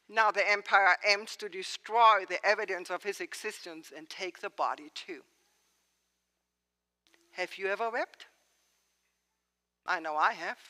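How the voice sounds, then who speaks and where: A woman's voice: medium pitch, bright, forceful tone, clear, resonant tone. A woman pastor giving a sermon, preaching expressively and asking rhetorical questions. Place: church sanctuary. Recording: long church reverb.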